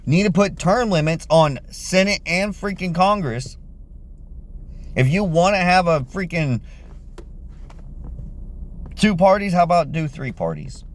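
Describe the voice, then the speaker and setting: A man giving an angry, profane political rant to camera, blunt and heated. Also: mid-range voice. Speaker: vlogger.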